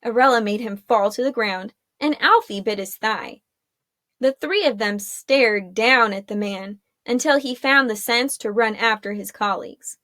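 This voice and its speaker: A woman narrating a chapter of a fantasy story in a steady storytelling manner. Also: on the high side, a little slow, no room sound, clean studio sound. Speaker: audiobook narrator. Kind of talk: scripted narration.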